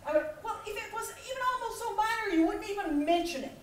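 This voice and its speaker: A middle-aged woman giving a motivational keynote talk, telling stories with animated voices and frequent laughter. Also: very high voice, moderate pace. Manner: animated storytelling, acting out voices and laughing often. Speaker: conference speaker. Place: large conference hall. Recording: echoey hall recorded from far off.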